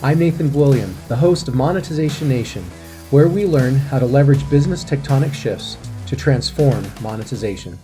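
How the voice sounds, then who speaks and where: A man hosting a business podcast, reading a scripted intro and asking interview questions in a measured, steady way. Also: medium pitch, over music. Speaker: podcast host.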